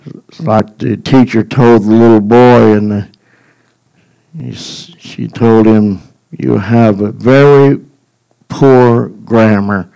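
A man delivering a sermon in an unhurried, folksy manner. His lines build to a rising, emphatic cadence. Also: on the low side, steady tone, creaky, warm tone, rough recording. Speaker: preacher.

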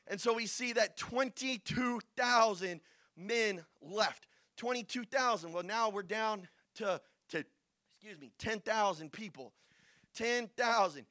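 A young man preaching a sermon, telling Bible stories with acted-out voices and building to shouts. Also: high voice, normal speed, no room sound. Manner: storytelling, acting out Bible figures, builds to shouting.

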